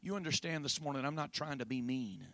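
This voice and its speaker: High-pitched shouting Pentecostal preacher man. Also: fairly quick. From raised in a Pentecostal home. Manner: shouting preacher with rhythmic "uh, amen" fillers. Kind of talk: sermon.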